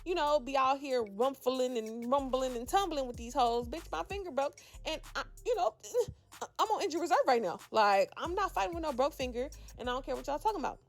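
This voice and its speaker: A woman's voice: high voice, expressive, brisk. A woman mimicking a brash young woman who defensively brushes off a fight. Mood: defiant.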